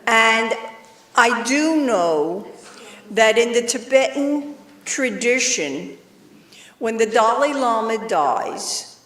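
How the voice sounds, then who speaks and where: Older woman presenter, chatty with quips, slow delivery, recorded far off in a reverberant synagogue room. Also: a little high, lively intonation, a bit bright. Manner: chatty, with joking asides to the audience. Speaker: study group presenter. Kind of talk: informal talk to a study group. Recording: roomy and distant from the mic.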